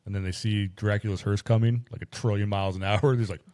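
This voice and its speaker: A man hosting a podcast, casually retelling a movie as an animated, profane storyteller. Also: fairly low pitch, fast talker. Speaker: podcast host.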